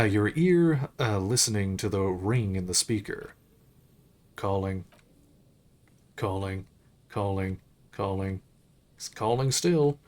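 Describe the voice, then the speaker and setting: A man streaming a game, reading its narration aloud in a measured, unhurried way with occasional slips. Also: on the low side.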